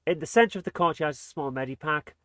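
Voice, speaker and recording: A man's voice: a little high, fast talker, bright, forceful tone, no echo. A man commentating casually on his gameplay as a let's play host, exasperated and muttering under his breath.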